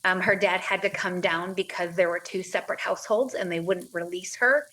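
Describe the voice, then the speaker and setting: A woman's voice: fairly low pitch, fairly even intonation, brisk, fairly bright tone, low-quality recording. A woman in her thirties, a mother and podcast guest, telling a personal story in an earnest, plainspoken way and acting out what others said to her.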